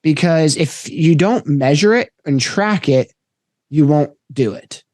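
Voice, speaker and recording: Male podcast host, light-pitched, dry close recording, relaxed reflective chat. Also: slow, no room sound. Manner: reflective, conversational. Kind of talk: casual podcast interview.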